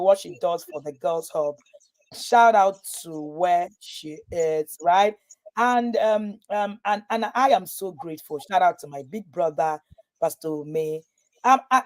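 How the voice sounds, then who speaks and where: A woman, a parenting coach talking to parents in a live webinar, telling stories and acting out what people said. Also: fairly low pitch. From Nigeria. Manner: lively storytelling, acting out quoted voices.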